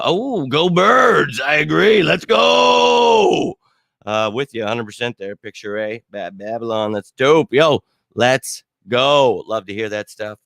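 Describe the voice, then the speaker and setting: A middle-aged man hosting a fan live stream, chatting casually with viewers in an excitable, slangy way and bursting into shouts now and then. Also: fairly low pitch, smooth, dry recording, studio quality. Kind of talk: casual live chat answering viewer comments.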